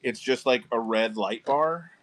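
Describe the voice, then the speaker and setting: A man hosting a casual live stream from a car shop garage, selling model kits and chatting with viewers, relaxed and chatty, swearing now and then. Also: medium pitch, unhurried, a little hiss or hum. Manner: laid-back, chatty, swears casually, calls viewers dude and bro.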